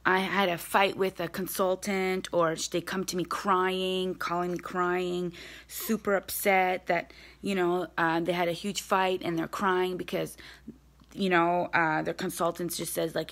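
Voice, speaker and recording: A woman's voice: fairly low pitch, flat delivery, unhurried, a bit bright. A young woman leading a sales team, talking live to her team from home in a blunt, direct, motivating way.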